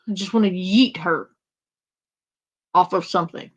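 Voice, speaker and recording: A woman's voice: lowish voice, a little slow, breathy edge, muffled recording. A woman ranting sarcastically and crudely about another streamer, in casual commentary. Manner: sarcastic, crude, mocks with a whiny imitation.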